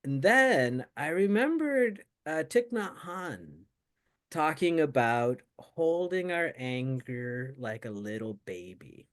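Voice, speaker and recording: Rambling, reflective man with a lively voice. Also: fairly high pitch, slow. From United States. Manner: rambling, reflective, lots of fillers. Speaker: co-host of a Buddhist talk show. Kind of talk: casual chat.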